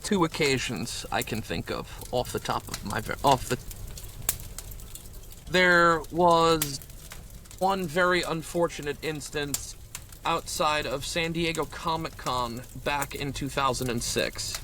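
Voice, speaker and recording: A man in a comedic improv interview, the guest chef, telling crude stories in a deadpan way. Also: fairly high pitch, slow pace, a little hiss or hum.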